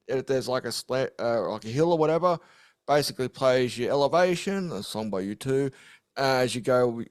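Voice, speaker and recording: A man's voice: mid-range voice, clean tone, no room sound. A man giving rambling, jokey trivia answers and laughing often at a casual games night. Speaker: trivia game player. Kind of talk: casual party game chat.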